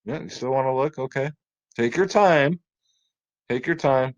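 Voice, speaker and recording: A man's voice: fairly high pitch, unhurried, pauses often. A man hosting a casual fantasy sports picks video, upbeat and chatty, talking straight to his viewers.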